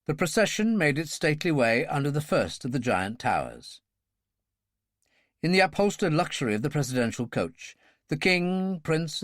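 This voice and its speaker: A man narrating a thriller audiobook in a measured, expressive storytelling manner. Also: medium pitch, dry recording, studio quality.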